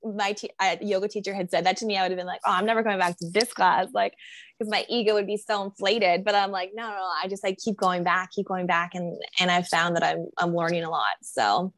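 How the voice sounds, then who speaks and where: A woman's voice: fairly low pitch, fairly even intonation, brisk, a bit bright, no echo. A woman guest on a podcast interview, talking in a rambling, reflective way with many fillers. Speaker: guest, body acceptance coach.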